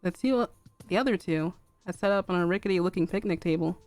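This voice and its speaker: A young woman streamer narrating a fanfic aloud in a calm, even reading. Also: fairly low pitch, quick pace, no room sound, soft background music.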